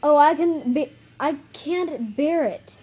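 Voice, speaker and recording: A woman's voice: high-pitched, takes it slowly, mellow, faint music behind. Lucy: a woman reading as an eager little girl. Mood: frightened.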